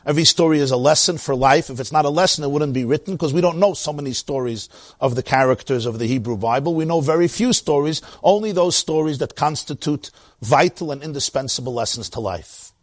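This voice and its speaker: A man with a Brooklyn accent giving an animated Torah lecture, acting out the voices in the stories he tells. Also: a little high, a little fast, no room sound, studio quality. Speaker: teacher of Torah.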